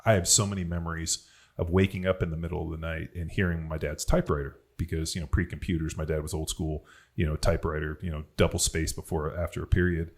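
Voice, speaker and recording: A man with a very low, deep voice hosts a podcast and tells personal stories in a relaxed, rambling way. His talk is loose and profane, full of "like" and "you know". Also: fast talker. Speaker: podcast host. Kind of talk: casual podcast conversation.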